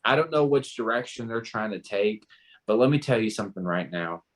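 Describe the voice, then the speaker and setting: A man's voice: fairly low pitch, expressive, a little fast, a little hiss or hum. A man, talking passionately and emphatically in a casual panel discussion, often restarting his sentences. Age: 20s. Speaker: panel co-host.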